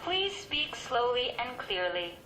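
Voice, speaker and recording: An actress voicing a polite, calm automated elevator voice with an American accent, in a comedy clip played back in a hall. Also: female voice, on the high side, slight background noise, exaggerated voice. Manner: flat, polite, measured machine-like phrasing. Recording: comedy clip played in an echoey hall, loud audience laughter.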